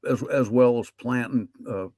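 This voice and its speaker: A man hosting a casual chat on a call, asking his guests questions in a polite, easy way. His voice is mid-pitched and recorded dry, close to the mic. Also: normal speed, a little mellow, no echo.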